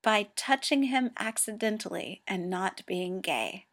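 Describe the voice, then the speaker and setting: A woman reading a story aloud and voicing a blunt, dryly teasing teenage boy who asks flat, matter-of-fact questions. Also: mid-range voice, unhurried. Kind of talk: amateur audiobook reading.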